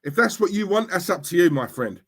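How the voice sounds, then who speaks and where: A man's voice: high voice, animated, brisk. A middle-aged man, ranting on a livestream and replying to chat, repeating himself and asking "yeah? right?" at every turn. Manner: fired-up, repetitive, asks "yeah? right?" constantly. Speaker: streamer, football fan. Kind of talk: livestream rant reading chat.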